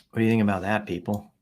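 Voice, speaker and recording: A man's voice: fairly low pitch, vocal fry, darkish tone, breathy edge. A man hosting a casual live stream, reading posts and comments aloud with playful, self-mocking asides. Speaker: livestream host reading social media posts.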